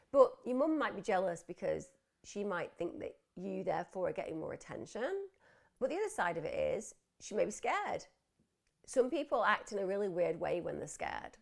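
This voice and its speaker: A woman's voice: medium pitch, vocal fry. A middle-aged woman hosting a live wellbeing clinic, answering viewer questions in a reassuring therapist's manner. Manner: warm, reassuring therapist talk. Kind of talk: live advice chat, reading viewer questions.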